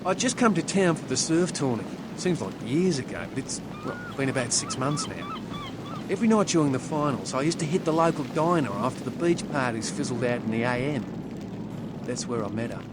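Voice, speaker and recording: A rough, slangy young Australian surfer vampire, voiced by a man in a video game. He sounds worn out and fed up. His lines sit under loud background noise. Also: medium pitch, lively intonation, a little fast, natural voice. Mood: wistful. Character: weary young male surfer turned vampire.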